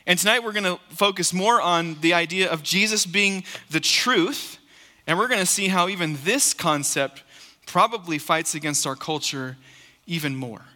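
A man's voice: high-pitched, moderate pace, sharp tone, big-room sound. A man preaching a sermon as pastor in a church, earnest and emphatic, repeating key phrases for weight. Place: church sanctuary.

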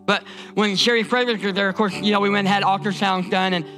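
High-pitched pastor guy from indiana preaching, repeats himself a lot, stumbles on words, soft music behind. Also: steady tone, quick pace. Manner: emphatic, repetitive preaching with stammered restarts. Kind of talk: sermon.

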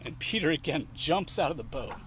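A man's voice: a little high, a little fast, slight background noise. Man telling a story in casual teaching. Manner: conversational, frequent fillers and restarts; retells scenes in lively quoted voices. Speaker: Christian teacher. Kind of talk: informal teaching talk.

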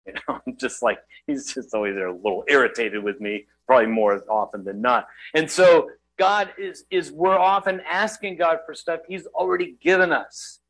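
Middle-aged man, guest preacher; casual, self-deprecating sermon, a touch high. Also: a bit bright, low-quality recording. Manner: self-deprecating, conversational, quick asides.

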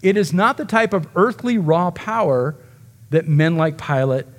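Man preaching with animated, acted-out quotes. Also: a little high, unhurried. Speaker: pastor. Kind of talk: sermon.

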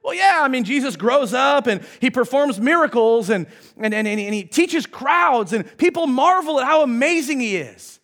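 High, animated male pastor preaching. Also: moderate pace. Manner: animated conversational storytelling. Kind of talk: sermon.

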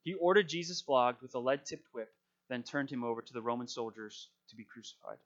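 A man's voice: mid-range voice, fairly quick, fairly bright tone, dull audio. A man preaching, reading scripture dramatically and then talking it through in a casual, conversational way.

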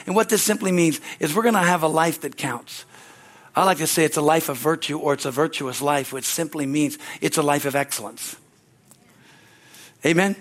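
A male pastor preaching a sermon at a church service, exuberant and calling out hallelujahs. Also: high voice.

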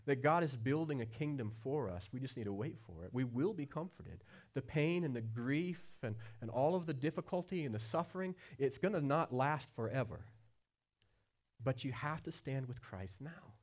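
A man preaching a sermon as pastor, earnest, with questions put straight to the listeners and swings from quiet low passages to loud high-pitched stretches. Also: lively intonation, moderate pace. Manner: asks the listeners direct questions.

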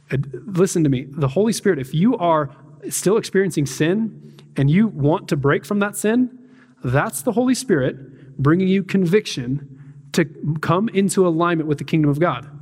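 A man's voice: fairly high pitch, lively intonation, normal speed, a little mellow, breathy edge. A man preaching a casual, conversational sermon as a pastor, full of "like" and "man" asides, and slipping into voices for the people he quotes. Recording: long hall reverb.

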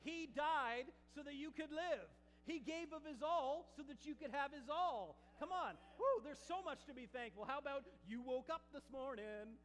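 A man's voice: very high voice, normal speed, few pauses, fairly bright tone, long reverb tail, poor audio. A male pastor preaching a sermon, emphatic and full of call-outs to the congregation.

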